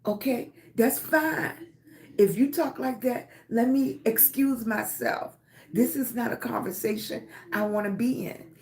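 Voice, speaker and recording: A woman's voice: a little high, a little slow, a little mellow. A middle-aged woman hosting a livestream, giving a casual motivational talk in an emphatic way, repeating her points and checking in with "okay?" and "right?". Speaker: livestream host.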